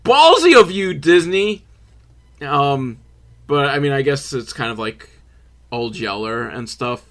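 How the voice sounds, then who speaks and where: A young man recapping a film for laughs in an animated, swearing manner, slipping into voices for the characters. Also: mid-range voice, slow. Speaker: host reacting to a film.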